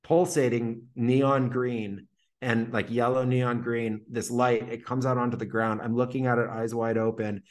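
Unhurried and steady, a mid-range male voice belongs to a podcast guest under interview. He tells a long personal story in a casual, vivid way, with "like" fillers throughout.

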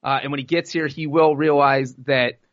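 A man's voice: fairly high pitch, steady tone, normal speed, no room sound, lo-fi sound. A man co-hosting a casual sports podcast, teasing with dry humor. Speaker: podcast co-host.

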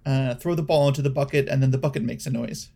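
Man voicing a gravelly crocodile carnival barker. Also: medium pitch, steady tone, dark tone. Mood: explaining. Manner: polished customer-service greeting, halting. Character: male crocodile carnival ticket-taker, practiced salesman.

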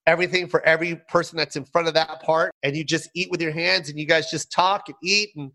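A middle-aged man, a guest on an interview show, telling stories in an animated way with playful mock outrage. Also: fairly high pitch, fast. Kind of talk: casual interview chat.

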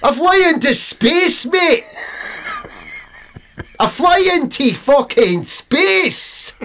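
A man's voice: very high voice, animated, very slow, fairly bright tone, pitched above the performer's own voice, full character voice. A man putting on a put-on Scottish accent as a drunk, swaggering tech mogul, boozy and belligerent. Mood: boozy sneering. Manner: boozy, belligerent, slurring boasts.

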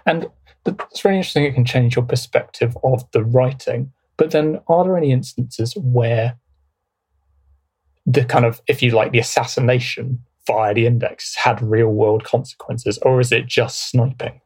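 A man's voice: mid-range voice, normal speed, a little mellow, slightly rough. A male podcast host asking a guest curious, probing questions. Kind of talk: interview questions.

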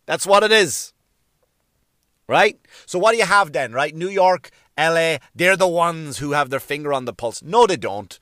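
A man's voice: a little high, lively intonation, normal speed, fairly bright tone, no room sound, studio quality. A male comedian delivering a profane, emphatic solo rant, hammering his points home through repetition.

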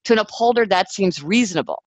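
A woman in a casual interview, explaining ideas quickly and acting out little quoted exchanges. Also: medium pitch, slightly rough, no echo, muffled recording. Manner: quick, animated, acts out quoted people. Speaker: author guest.

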